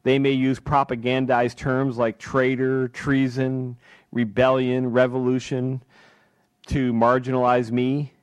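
A man's voice: medium pitch, monotone, takes it slowly, clear, resonant tone, dry recording. A man hosting a talk radio show, delivering an impassioned political monologue full of rhetorical questions from a studio microphone.

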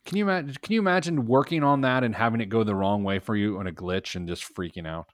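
A man's voice: on the low side, quick pace, no room sound, clean studio sound. A man hosting a personal finance show, reading news items with playful emphasis and joking with his co-host. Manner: animated, jokey, reads items with playful emphasis. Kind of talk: casual radio show banter.

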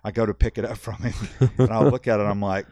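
A man, a fishing guide, telling a long story on a podcast in a rambling, animated way, full of fillers and repeats. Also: on the low side, quick pace, no echo. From South Texas. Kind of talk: casual storytelling.

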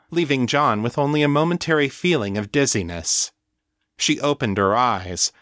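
A man reading an audiobook story in calm, measured scripted narration. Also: medium pitch, no room sound, clean studio sound.

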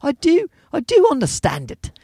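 A no-nonsense British schoolmistress, as a man puts her on, prim and quick to challenge. The voice rides high and lively, up above the speaker's usual register, and sits dry and close to the mic. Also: dry recording, full character voice. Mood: affirming. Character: stern but warm British woman teacher.

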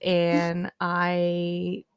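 A woman's voice: lowish voice, monotone, extremely slow, clear, resonant tone, dry recording, dull audio. A woman in her thirties co-hosting a podcast, chatting casually in a hesitant, self-deprecating way with many fillers. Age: 30s. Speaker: podcast co-host.

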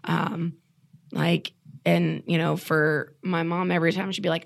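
A young woman speaks in a loose, chatty way, filling her talk with "you know" and "like." Her voice sits a little low for a woman. She is a guest on a candid podcast interview. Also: little pitch movement, a little slow, gravelly. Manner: casual, chatty, many fillers like "you know". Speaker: guest, program alumna.

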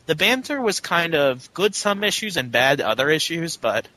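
Bright-voiced chatty man reviewing comics. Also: a little high, normal speed, slight background noise, rough recording. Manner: chatty, animated, jumps into mock voices. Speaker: podcast co-host. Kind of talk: casual comic book review chat.

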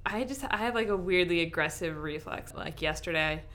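Jeune femme à la voix un peu grave, bavardage décontracté et décousu. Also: female voice, on the low side, moderate pace, a bit bright, slight background noise. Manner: casual, heavy use of "like", rambling. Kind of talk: casual chat.

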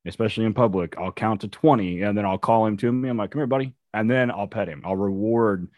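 Profane, animated man telling stories on a podcast. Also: lowish voice, fast, no room sound, clean studio sound. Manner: profane, animated storytelling with quoted asides. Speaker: co-host, police dog handler. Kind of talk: casual podcast chat.

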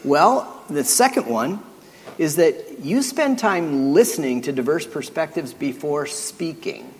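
A man with a higher voice interviews a guest at a live event. He encourages the guest with probing questions. A long hall reverb hangs on his voice. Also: animated, measured pace.

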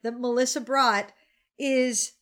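A woman in her forties with a slightly high voice chats casually on a podcast over a glass of wine. She talks candidly, grumbles about her day and swears freely. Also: fairly even intonation, unhurried, a bit bright. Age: 40s. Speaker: podcast co-host.

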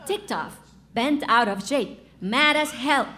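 Woman, high and lilting, unhurried deadpan ad-read style. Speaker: comedy performer. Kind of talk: deadpan voice-assistant comedy bit.

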